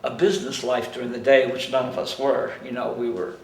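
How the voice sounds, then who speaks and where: Gravelly guy reminiscing, halting, recorded from far off in a roomy space. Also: medium pitch, steady tone. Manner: halting, with fillers. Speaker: interviewee. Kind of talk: reminiscing interview. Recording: echoey room, mic far off.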